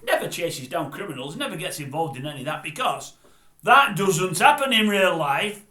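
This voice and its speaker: Older northern English bloke with a fairly high voice, blunt scornful rant, echoey room. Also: male voice, animated, moderate pace, sharp tone. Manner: blunt, scornful, repetitive ranting. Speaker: vlogger. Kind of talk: grumpy rant to camera.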